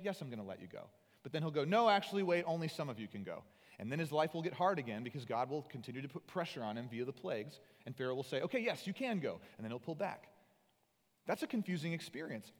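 A man preaching a sermon, animated and conversational, acting out the voices he quotes. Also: medium pitch. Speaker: pastor. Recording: long hall reverb.

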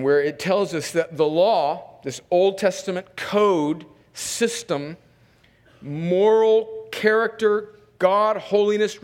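A man's voice: on the high side, in a large hall. A man preaching a sermon in an emphatic way. He reads scripture aloud, comments between the verses and often repeats words while he rephrases. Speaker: pastor. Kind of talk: expository sermon.

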